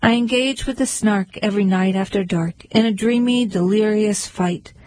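A woman's voice: medium pitch, moderate pace, darkish tone, no room sound, lightly acted, poor audio. A woman doing a mild, tearful baker. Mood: mournful. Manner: mournful, pleading.

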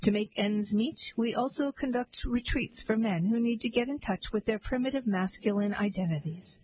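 A woman's voice: fairly high pitch, normal speed, darkish tone, slight background noise, lightly acted, low-quality recording. Woman doing a pompous, lecturing leader of little men. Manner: stern, lecturing.

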